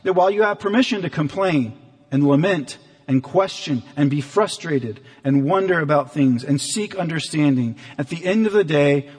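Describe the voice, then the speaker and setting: A man preaches with earnest, animated delivery, acting out voices now and then. His voice sits a bit high for a man. The sound rings with long reverb, as in a large hall. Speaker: pastor. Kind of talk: sermon.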